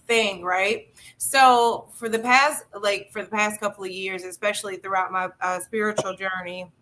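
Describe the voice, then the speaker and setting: A woman's voice: mid-range voice, steady tone, normal speed, pushed and bright, poor audio. A woman co-hosting a podcast, speaking in a reflective, earnest casual chat. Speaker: podcast co-host.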